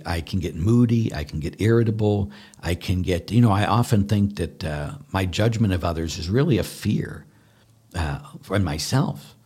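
A male priest with a somewhat low voice talks through questions of faith in a warm-hearted, conversational way. He is earnest and animated, stacks repeated words for emphasis, and chuckles at his own failings. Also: slightly rough. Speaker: Catholic priest. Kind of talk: conversational spiritual teaching answering questions.

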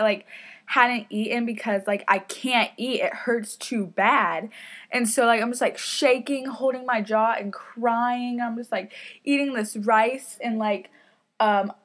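A woman's voice: a little high, fairly bright tone. A young woman hosting her own podcast, telling a personal story in a rambling, chatty way full of "like" and "um", often apologizing for herself. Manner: rambling, chatty, lots of "like" and "um", self-deprecating. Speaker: podcast host. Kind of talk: casual solo podcast storytelling. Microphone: podcast mic on a stand.

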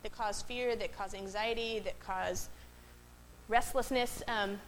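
A woman's voice: mid-range voice, fairly even intonation, takes it slowly, a little hiss or hum, rough recording. Woman preaching a chatty sermon. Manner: chatty, asks the room questions, frequent "right?" and "um". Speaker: pastor. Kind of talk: conversational sermon. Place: worship space before a congregation.

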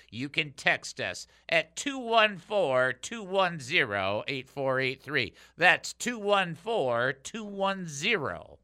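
A man teaching from the Bible in a lively, conversational way, talking straight to his listeners. His voice is very bright and forceful and sits a bit high for a man. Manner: energetic, chatty, speaks straight to listeners. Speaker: radio Bible teacher and host.

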